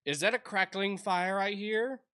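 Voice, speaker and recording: A sleepy, friendly male villager from a cozy life-sim game, read aloud by a man in a lightly put-on voice. His tone is bright and upbeat, even as he complains about not sleeping. The delivery sounds like game dialogue read aloud. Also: high-pitched, a little slow, smooth, voice pushed up. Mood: drowsy.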